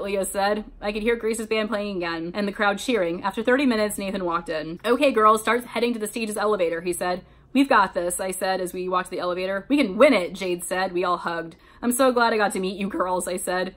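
Sarcastic woman reading fanfiction aloud. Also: medium pitch. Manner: sarcastic asides between read passages. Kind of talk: reading a story aloud with commentary.

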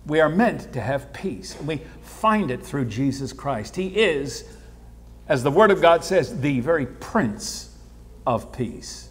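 A man preaches from the pulpit, his fairly high voice carrying a husky edge. He stumbles over repeated words and swings from hushed asides to loud bursts. A long church reverb trails every phrase. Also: animated, a little slow. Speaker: pastor. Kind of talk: sermon. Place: church sanctuary.

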